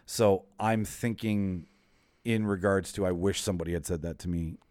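Man, podcast co-host, lower voice, casual, self-interrupting, chuckles, dry recording. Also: fairly even intonation, moderate pace, darkish tone, no echo. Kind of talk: casual banter.

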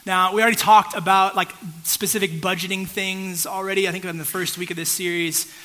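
A man preaching with a bright, forceful, somewhat high voice. He tells a personal story in an easy, chatty way and keeps checking in with the congregation. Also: level tone, brisk, low-quality recording. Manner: conversational storytelling, checks in with the audience. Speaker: pastor. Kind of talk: sermon.

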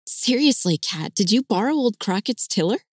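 A woman voicing a kind, gentle young woman who speaks with lively incredulity. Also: mid-range voice, moderate pace, no echo, studio quality, pitched above the performer's own voice, natural voice. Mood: incredulous.

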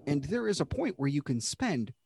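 A man's voice: a little high, sing-song, moderate pace, creaky, a little mellow, a little hiss or hum. A man in his thirties co-hosting a podcast in casual chat. He rambles and laughs often. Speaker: podcast co-host.

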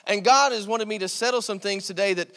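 A man with a high voice preaches to his congregation, often stopping to ask "Amen?" and pressing his points with "See,". The sound rings with a long reverb from the church sanctuary around him. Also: quick pace, creaky, fairly bright tone. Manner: call-and-response preaching, repeated "Amen?" and "See,". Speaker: pastor. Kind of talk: sermon.

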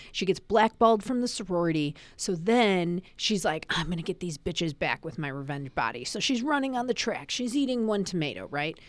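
A woman's voice: on the low side, no room sound. A woman co-hosting a podcast, recapping a book in casual chat with sarcastic asides and frequent laughter. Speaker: podcast co-host.

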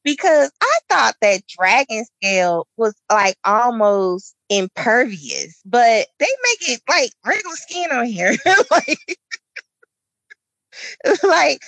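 A woman co-hosting a casual chat show, talking in an animated, profane way and laughing often. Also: a little high, slow, dry recording, poor audio. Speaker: podcast co-host.

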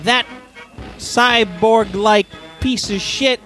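A man's voice: high-pitched, very slow, bright, forceful tone, faint music behind. A man improvising crude comedy bits, rambling and laughing at his own jokes.

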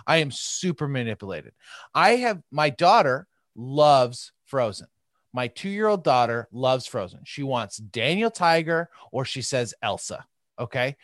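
A man's voice: mid-range voice, very animated, unhurried, a bit bright, no echo, studio quality. A man in his thirties in casual podcast chat, rambling and emphatic and tagging his points with "okay?".

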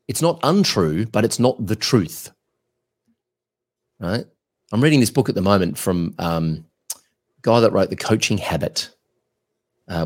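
A man co-hosting a podcast, giving business coaching advice in an energetic, blunt, rambling way. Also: fairly low pitch.

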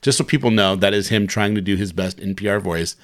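A man's voice: fairly low pitch, fairly quick. A man hosting a podcast, chatting casually and teasing his co-host, laughing often. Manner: giggly, teasing banter.

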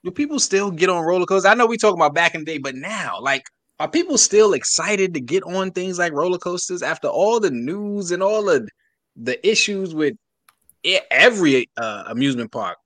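A man's voice: high-pitched, expressive, brisk, fairly bright tone, no room sound. Podcast co-host, New man, easygoing, dry recording. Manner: laid-back, coy storyteller. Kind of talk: casual storytelling chat.

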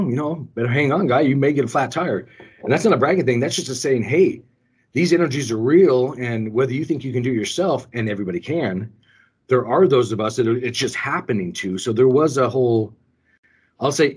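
A man's voice: medium pitch, slightly rough. A man co-hosting a casual show, telling a rambling personal story with lots of ums and restarts. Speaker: co-host. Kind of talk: casual call-in show chat.

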